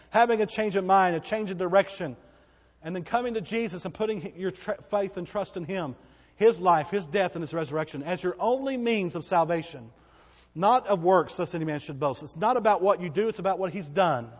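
A man preaching a sermon as pastor, swinging between loud, emphatic declarations and hushed, quiet passages. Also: high voice, brisk, long reverb tail.

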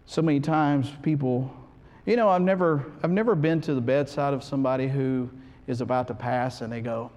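A man preaching a sermon in a church, swinging from hushed to loud and often restarting his sentences. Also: medium pitch, brisk, big-room sound. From United States. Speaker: pastor.

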